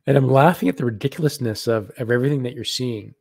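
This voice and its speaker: A man giving live spiritual readings on a stream, talking gently and haltingly and repeating words as messages come to him. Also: medium pitch, creaky, breathy edge, no room sound, studio quality.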